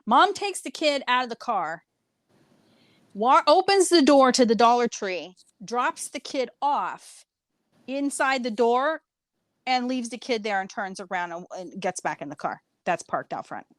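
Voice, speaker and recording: A woman co-hosting a casual podcast chat, telling a lively story and laughing often. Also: a little high, measured pace, dry recording, studio quality. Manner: animated storytelling, frequent laughs. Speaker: podcast co-host.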